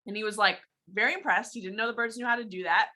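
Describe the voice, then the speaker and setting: Bright-voiced woman telling a news story. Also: mid-range voice, fast. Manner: laughs often, relaxed storytelling. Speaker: podcast co-host. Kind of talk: casual chat.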